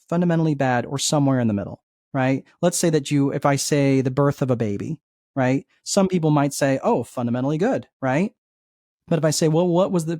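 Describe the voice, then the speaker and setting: Male guest coach, mid-range voice, lively explainer who acts out inner dialogue, dry room. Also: mid-range voice, no echo. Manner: energetic, acts out inner dialogue, frequent "right?" checks. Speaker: guest life coach and entrepreneur. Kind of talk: conversational teaching.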